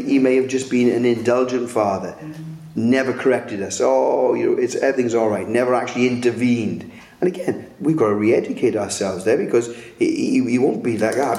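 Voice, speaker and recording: A man's voice: lowish voice, a little mellow, echoey room. A male pastor preaching a sermon earnestly, with frequent restarts and rising emphatic peaks.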